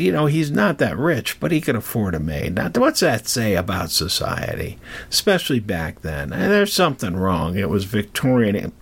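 A middle-aged man telling a story in a loose, conversational way, drifting into side remarks. His voice is gravelly and slightly husky, with a lively, swinging pitch. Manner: digressive, animated, chatty asides. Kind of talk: casual spoken storytelling.

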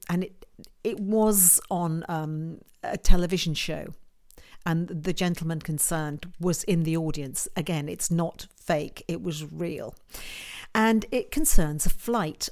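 A middle-aged woman hosting a live stream, telling a story casually and animatedly, with soft asides and emphatic bursts. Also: on the low side. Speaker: livestream host giving card readings.

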